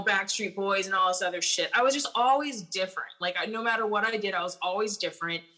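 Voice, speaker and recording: A woman's voice: medium pitch, bright, forceful tone, low-quality recording. A young woman guest telling her life story candidly and bluntly, with frequent swearing and lots of filler words. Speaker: podcast guest.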